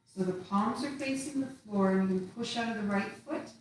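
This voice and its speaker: A woman teaching tai chi, calmly talking through each step and movement. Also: medium pitch, moderate pace, few pauses, a little hiss or hum. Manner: calm, instructive, counting out steps. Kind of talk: guided movement lesson. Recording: echoey room from far off.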